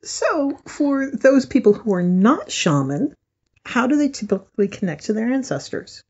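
A woman co-hosting a podcast, telling a story in a lively way and laughing often. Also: fairly high pitch, normal speed, breathy edge, highs cut off. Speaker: podcast co-host.

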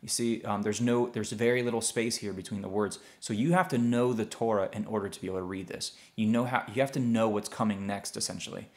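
A young man teaching a language lesson, sounding out syllables slowly and patiently and checking in with his listeners often. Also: on the low side, steady tone. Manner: checks in often with "okay?" and "see that?". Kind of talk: explaining a lesson.

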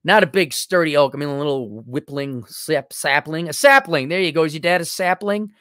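A man's voice: on the high side, fairly quick, fairly bright tone, no room sound, clean studio sound. A male host reading a viewer's letter aloud and answering it with blunt, mocking sarcasm.

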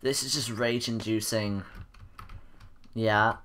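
A man's voice: on the low side, steady tone, takes it slowly, fairly bright tone. A man giving gameplay commentary, frustrated and self-mocking as he plays. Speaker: gamer.

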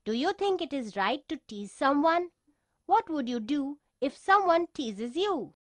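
A woman's voice: high-pitched, sing-song, unhurried, fairly bright tone, no echo. A woman narrating a story lesson for children, who also asks the children direct questions.

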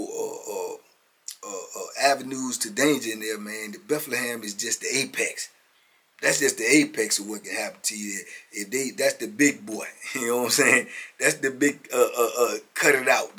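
A man's voice: medium pitch, gravelly, a bit bright, slightly rough. A man in his fifties telling prison stories in a casual, emphatic street-talk monologue, often chuckling and tagging lines with "man".

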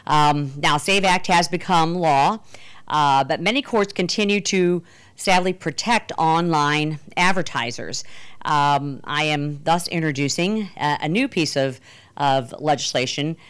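A woman delivers a policy speech from a panel. Her voice sits low, and she presses her points emphatically while stumbling over fillers and restarts. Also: a little slow, fairly bright tone, clear, resonant tone. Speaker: congresswoman speaking on a panel.

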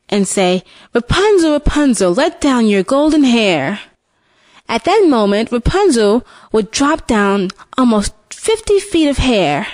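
A woman tells a fairy tale at an unhurried pace, her fairly high voice rising and falling with lively expression. She pauses and restarts phrases now and then, and the recording is close and dry, with no room sound. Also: no echo. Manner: slow, expressive, with small restarts. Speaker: storyteller. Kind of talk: reading a fairy tale for a listening lesson.

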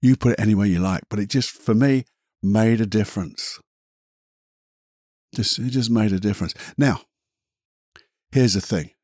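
A man hosting a reflective podcast, gentle and rambling, leading a guided imagination exercise with a soft laugh at himself. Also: fairly low pitch, normal speed, pauses often, no echo, clean studio sound. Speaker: podcast host and therapist.

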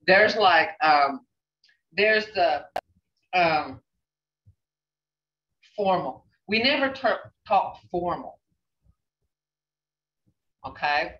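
Older woman, language teacher, slow repetitive delivery, bright forceful voice, distant dull roomy recording. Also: lowish voice, lively intonation. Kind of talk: language lesson.

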